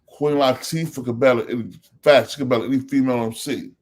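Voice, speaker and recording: A man's voice: medium pitch, steady tone, quick pace, darkish tone. Emphatic man with a New Jersey accent. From Elizabeth, New Jersey. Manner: emphatic, repeats phrases, calls out names. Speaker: host. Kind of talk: casual monologue.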